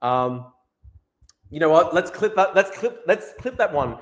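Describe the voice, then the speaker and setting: A man's voice: on the high side, sing-song, unhurried, echoey room. A man ranting on a live stream, gloating, swearing and repeating himself. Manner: gloating, profane, repetitive. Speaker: political streamer. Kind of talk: live-stream political rant.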